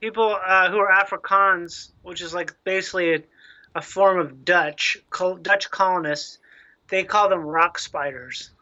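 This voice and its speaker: A man calling in as a podcast guest, explaining things haltingly with restarts over a lo-fi remote line. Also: high-pitched, bright, forceful tone. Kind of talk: casual chat. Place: calling in from abroad.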